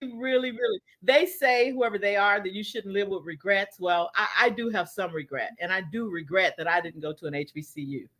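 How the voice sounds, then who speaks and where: A woman co-hosting a radio show, telling stories in an animated, laughing casual chat. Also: medium pitch, brisk, hardly any pauses. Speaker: radio co-host.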